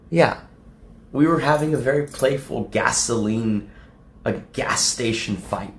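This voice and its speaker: A young adult man streaming casually to his chat, profane and rambling, laughing often and acting out quotes in a high mocking voice. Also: slow, gravelly, pauses often, reverberant. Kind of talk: casual livestream talk to chat.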